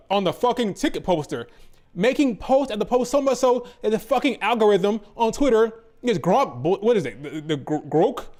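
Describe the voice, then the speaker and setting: A man's voice: high-pitched, darkish tone. A man hosting a wrestling commentary channel, ranting in an exasperated, profane, repetitive way.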